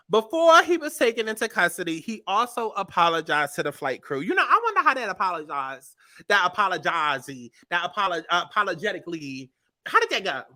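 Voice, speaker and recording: Animated, bright-voiced woman host. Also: on the low side. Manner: animated, profane, exasperated riffing. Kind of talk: comedic commentary.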